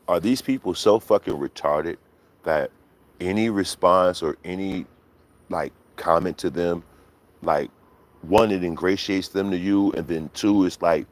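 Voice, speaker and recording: A man's voice: deep voice, measured pace, long pauses. A man hosting a livestream, ranting bluntly and profanely with lots of rhetorical questions. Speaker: livestream host.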